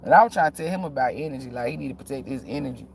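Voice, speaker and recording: A man's voice: medium pitch, lively intonation, very fast, vocal fry, slight background noise. A man talking casually to his viewers, telling a story in a blunt, profane, frank way with frequent laughs. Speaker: tarot reader vlogger.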